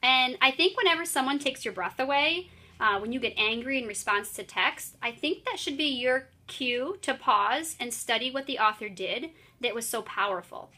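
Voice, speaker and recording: Woman, 30s, writing teacher, classroom lesson, clear, explanatory, bright voice. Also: fairly high pitch, animated, moderate pace.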